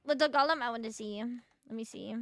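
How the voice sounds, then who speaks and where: A woman's voice: on the high side, fast, creaky, fairly bright tone, dry recording. A young woman streaming a video game, chatting casually with her viewers, swearing freely and sounding sleepy. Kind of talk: casual gameplay chat.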